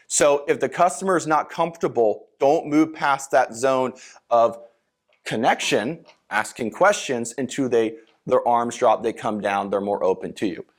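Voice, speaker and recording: A man from Philadelphia giving a sales seminar lecture, talking casually with many fillers and acting out sample sales lines. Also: medium pitch. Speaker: sales trainer.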